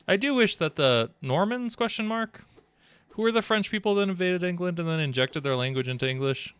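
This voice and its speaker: A man's voice: high-pitched, animated, moderate pace, long pauses, a bit bright, clear, resonant tone, no echo. A man streaming a video game live, rambling and joking as he plays, swearing often, into a desk microphone. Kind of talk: casual live gameplay commentary.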